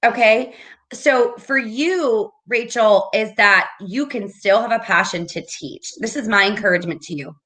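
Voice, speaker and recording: A woman's voice: mid-range voice, unhurried, sharp tone. A woman hosting a casual talk as a business coach, upbeat and encouraging. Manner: upbeat, encouraging, keeps asking "right?".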